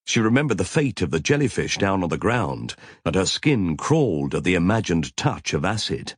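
Husky-voiced man narrating an audiobook. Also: sits low, sing-song, normal speed, no echo, studio quality. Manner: vivid, tense storytelling.

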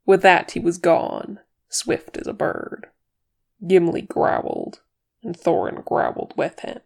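A woman narrating a chapter of fan fiction as an audiobook reader, measured and expressive. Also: fairly low pitch, gravelly.

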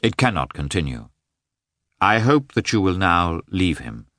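A man's voice: sits low, big pitch swings, a little slow, fairly bright tone, no room sound, studio quality, exaggerated voice. A man doing an entreating young officer. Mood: pleading. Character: earnest young male officer, pleading and uneasy. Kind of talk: audiobook character reading.

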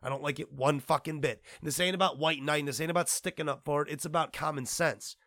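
A man's voice: fairly high pitch, fairly even intonation, quick pace, a bit bright, no room sound, clean studio sound. A man hosting a gaming commentary show, ranting casually and profanely with lots of restarts.

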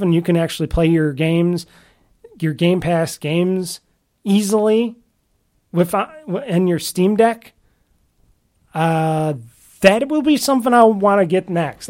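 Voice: medium pitch, darkish tone. Gaming podcaster just rambling on, keeps restarting sentences, kinda grumbly. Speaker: podcast host. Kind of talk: casual solo gaming chat.

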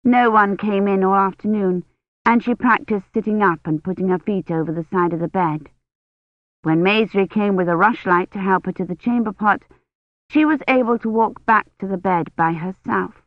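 A woman narrates an audiobook in a steady, even storytelling voice. The sound is tinny and phone-like, with no room echo at all. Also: medium pitch, normal speed. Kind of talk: scripted narration.

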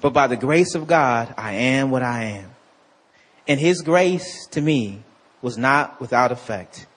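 A male pastor preaching a sermon to a congregation, calling out for responses and swinging between slow scripture reading and excited asides. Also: mid-range voice, slightly rough.

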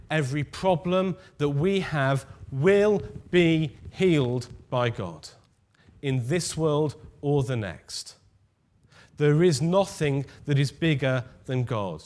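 Male preacher, mid-pitched, measured and emphatic sermon delivery, hushes key words.

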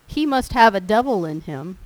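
Woman preaching, chatty and folksy, mid pitch, no room echo. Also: moderate pace. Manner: folksy, animated storytelling. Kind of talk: sermon with personal stories.

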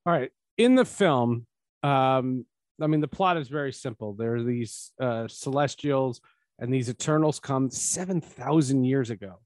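A man hosting a podcast, chatting casually about a film and rising to emphatic, animated points. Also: medium pitch, a little slow, no room sound. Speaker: podcast host. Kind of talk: casual film review chat.

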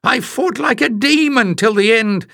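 A man's voice: very high voice, unhurried, creaky, bright, forceful tone, dry recording, clean studio sound, voice pushed up, full character voice. A man voicing a puny, cringing male acrobat who whines and quavers in a storybook reading. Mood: wailing. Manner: quavering, whining, pitiful.

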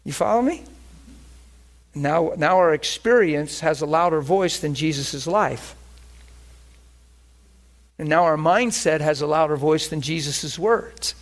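Male pastor, slightly high pitch, conversational emphatic teaching sermon. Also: lively intonation, measured pace, pauses often.

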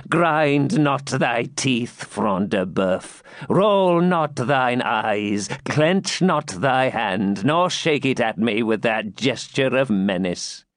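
Brief: vengeful old crone, man reading the part, slow deliberate delivery, lively pitch, close dry sound. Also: no echo. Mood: accusing. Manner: slow, grim, mocking and solemn. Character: vengeful old woman, a gloating hag. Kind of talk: audiobook character reading.

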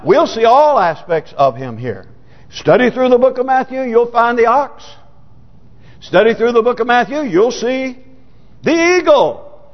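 High-voiced preacher in an echoing hall. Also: male voice. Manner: asks the congregation rhetorical questions; reads scripture aloud with emphasis. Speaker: pastor. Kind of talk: sermon. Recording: dull, lo-fi recording in a reverberant church hall.

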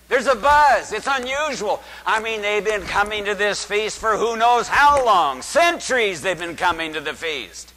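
A man who is a priest, delivering a dramatic sermon in church and asking the congregation rhetorical questions in a booming preacher's voice. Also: bright, forceful tone. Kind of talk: liturgical sermon. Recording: long church reverb.

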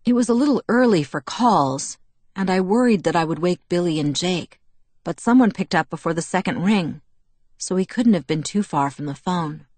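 Low-voiced woman narrating an audiobook. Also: animated, moderate pace, a little mellow, no room sound. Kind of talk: first-person novel narration.

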